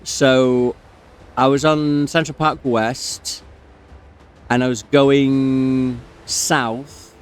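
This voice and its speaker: A man talks casually over a game at a middling pitch, spinning a long anecdote. He rambles, leans on fillers, and keeps cutting away to react to his gameplay before picking the story back up. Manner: rambling, many fillers, breaks off to comment on the game. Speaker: gamer telling a story while playing.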